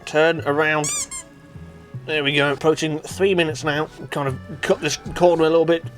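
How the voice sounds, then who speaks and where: A man giving casual, exasperated gameplay commentary as a gaming channel host, often bursting into shouts and laughter at mishaps. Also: fairly high pitch, level tone, normal speed, soft background music. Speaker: gaming YouTuber.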